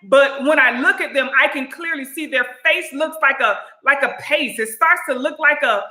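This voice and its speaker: A sassy, chatty woman talks straight to camera in a high, bright voice. She keeps calling viewers honey and you guys, and her voice rings around an echoey room. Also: moderate pace. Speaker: beauty and lifestyle vlogger. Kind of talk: casual chat to camera.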